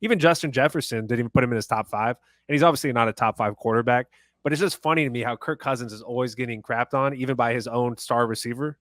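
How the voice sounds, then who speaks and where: A man's voice: medium pitch, fast talker, a bit bright, no echo, studio quality. A man co-hosting a sports podcast, chatting casually about players. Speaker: podcast co-host.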